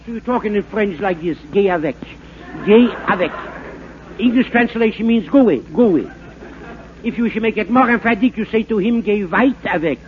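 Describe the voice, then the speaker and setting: An actor playing a bumbling fake French professor, in rambling, stammering comic patter for a 1940s radio comedy. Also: male voice, high voice, moderate pace, close to an everyday voice. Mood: mock-lecturing. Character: bumbling fake French professor, fast-talking huckster man. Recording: narrow-band scratchy 1940s radio broadcast.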